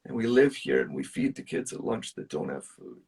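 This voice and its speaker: A musician guest tells personal stories in casual chat, earnest and emphatic, with lots of filler words. His voice is lowish, gravelly, husky and a little mellow, very animated at a normal speed, and he sounds far from the mic.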